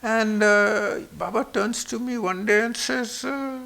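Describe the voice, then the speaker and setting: Man, 70s, from Pakistan; high, gravelly storyteller who animates every quote. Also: takes it slowly, hardly any pauses. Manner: animated, acts out quoted speech with shifts in voice. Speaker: guest speaker. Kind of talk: personal storytelling.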